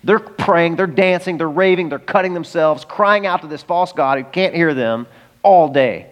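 A man preaching a sermon, retelling scripture in an animated, humorous storytelling way. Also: fairly high pitch, moderate pace, big-room sound. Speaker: pastor.

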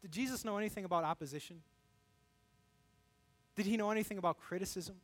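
A man preaching a sermon in a high, bright register. He talks in an animated way and briefly acts out the voices he quotes, then drops back into teaching. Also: fast talker. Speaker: pastor.

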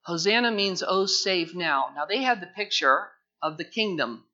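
A man's voice: sits high, expressive, normal speed, bright, forceful tone, dull audio. A man preaching a sermon as pastor, earnest and emphatic, often repeating his phrases.

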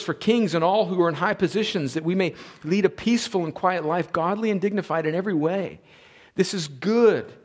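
A man, preaching a sermon as a pastor. He builds to emphatic peaks and then drops into quieter, conversational asides. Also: high voice. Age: 40s. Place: church sanctuary.

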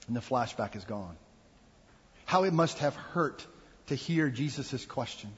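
A man's voice: mid-range voice, animated, a little slow, long pauses, breathy edge. A man giving an earnest, reflective sermon as a pastor. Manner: earnest, reflective preaching with acted quotes. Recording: dull sound with long hall reverb.

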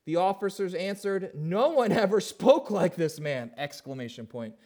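A man preaching a sermon as pastor, asking his listeners questions and swinging between hushed, low passages and louder, emphatic ones. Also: lively intonation, moderate pace.

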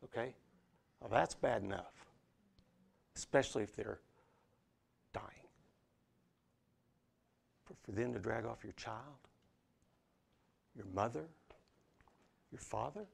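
Gravelly man preaching with big swings. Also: mid-range voice, slow pace, pauses often. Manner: dynamic, swings from hushed to loud and emphatic. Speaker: pastor. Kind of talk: sermon.

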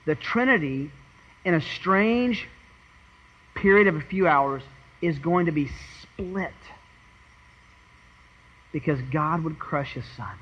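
High-voiced man preaching an earnest sermon. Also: slow, long pauses, dull audio. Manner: earnest, dramatic, swings from loud to hushed; repeats and restarts words. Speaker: pastor. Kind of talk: expository sermon.

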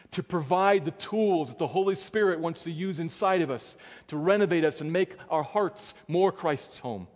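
Pastor guy preaching, earnest, goes quiet and low for the big words, long church echo. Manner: earnest, dropping soft and low for emphasis. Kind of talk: sermon. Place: church sanctuary. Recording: long church hall reverb.

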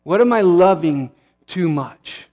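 A man's voice: sits high, animated, takes it slowly, dark tone. A man in his forties giving an earnest, conversational sermon as a pastor, with restarts and asides. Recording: long hall reverb.

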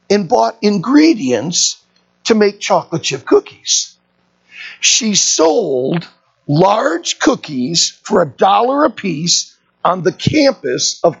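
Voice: mid-range voice, breathy edge. A pastor preaching a sermon, telling a story and putting rhetorical questions to the congregation. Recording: dull lo-fi recording.

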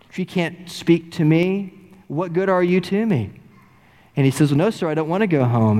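A man's voice: on the high side, mellow, in a large hall. A man preaching a sermon, telling a story and acting out quoted lines with rising emotion. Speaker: pastor.

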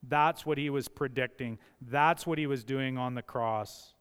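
A man's voice: medium pitch, unhurried, a bit bright, clean tone. Older male pastor preaching in a reverberant hall. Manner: emphatic, repeats key phrases for effect. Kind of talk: sermon. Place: church sanctuary.

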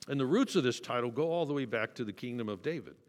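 A man's voice: mid-range voice, expressive, fast. A male pastor giving a sermon, teaching conversationally and asking the listeners rhetorical questions. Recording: long reverb of a large hall.

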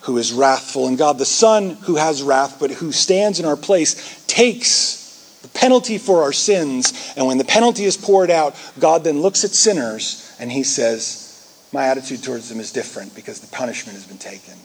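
A man preaching a sermon, animated and conversational, acting out quoted voices to make his points. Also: medium pitch, normal speed, breathy edge. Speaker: pastor.

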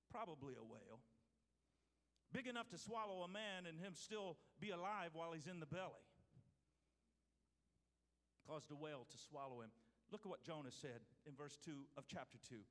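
A male pastor preaching a sermon, swinging from loud to hushed. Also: on the high side. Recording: hall reverb.

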